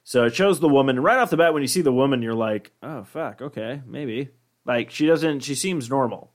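A man's voice: medium pitch, fast. Man, podcast host, casual chat, rambling, laid-back, swears a lot.

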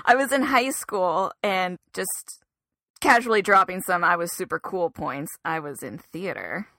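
In a casual podcast chat, a young adult woman co-host tells stories, laughing often and acting out quotes with animated energy. Her voice sits fairly low, her pace is measured, and there's no room sound.

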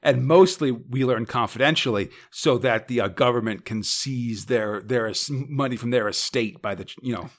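Man, podcast co-host, casual chat, playful plot recaps, mid-pitched voice. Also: moderate pace, hardly any pauses. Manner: chatty, recaps plots with playful asides.

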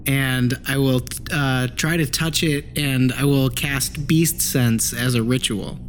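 A man taking his turn in a tabletop game, hesitant and thinking out loud. He talks very slowly in a mid-range voice. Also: medium pitch, fairly even intonation, slight background noise. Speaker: player.

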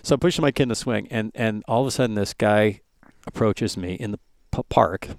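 Gravelly-voiced man in his forties, storytelling. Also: fairly low pitch, fairly quick, no echo, studio quality. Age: 40s. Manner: animated, acts out voices in his stories. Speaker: podcast guest. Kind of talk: casual storytelling.

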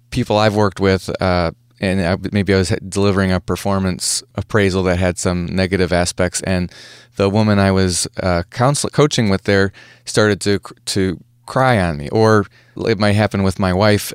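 A man's voice: deep voice, moderate pace, smooth, dry recording, studio quality. A man hosting an interview, asking thoughtful questions with frequent restarts. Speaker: interview host.

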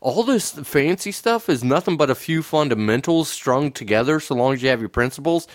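A man's voice: medium pitch, lively intonation, a little fast, no room sound, clean studio sound. Easygoing man co-hosting a chat. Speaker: co-host. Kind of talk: casual podcast chat.

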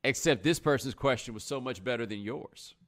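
A man's voice: medium pitch, brisk. A man hosting a live stream, talking casually in slang and acting out other people's words. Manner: animated, slangy, acts out other people in quotes. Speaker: host.

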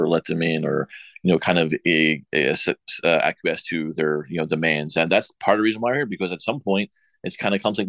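A very deep-voiced man co-hosting a political talk show, arguing his case in stops and starts and padding his sentences with fillers and repeated words. The sound is dry and close. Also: fairly bright tone, no room sound. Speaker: show co-host.

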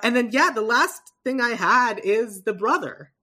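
Bright-toned woman podcast host, animated. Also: fairly high pitch, moderate pace. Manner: animated, laughs often, swears casually. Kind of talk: casual podcast chat.

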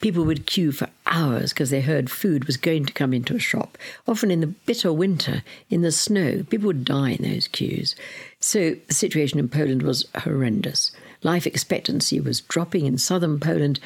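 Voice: mid-range voice, animated, normal speed, vocal fry, slightly rough. An older speaker from Britain, a podcast guest telling earnest, vivid stories and sometimes dropping to a whisper. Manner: earnest, vivid storyteller, drops to a whisper at times. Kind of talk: storytelling in a podcast interview.

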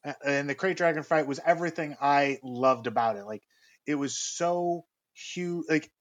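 A man's voice: fairly high pitch, moderate pace, no echo, highs cut off. A man co-hosting a podcast, chatting in an easygoing way with nerdy enthusiasm. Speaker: podcast co-host. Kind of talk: casual pop-culture chat.

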